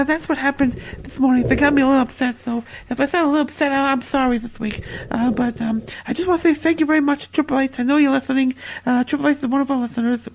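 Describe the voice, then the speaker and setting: Male comic podcast host, high and gravelly, stammering and repetitive. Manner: stammering, repetitive, chuckling storyteller. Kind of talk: comedic wrestling podcast rambling.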